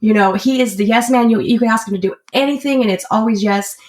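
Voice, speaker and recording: A woman's voice: on the high side, quick pace, a little mellow. A woman who works as an auto shop service advisor, a podcast guest talking candidly and chattily with fillers and self-corrections. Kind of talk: casual interview chat.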